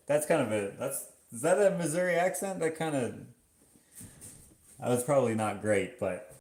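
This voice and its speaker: A man's voice: mid-range voice, lively intonation, normal speed, pauses often, a little mellow. A man with a Canadian accent chatting casually at home while washing dishes, musing aloud and wandering between thoughts with lots of fillers. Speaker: vlogger. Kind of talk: casual rambling chat.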